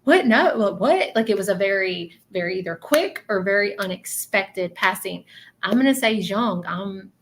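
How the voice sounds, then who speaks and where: A woman's voice: medium pitch, moderate pace, a bit bright, slight background noise. Earnest woman medium on a livestream. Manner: earnest, repeats "okay?" often. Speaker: psychic medium. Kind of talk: livestream reading to viewers.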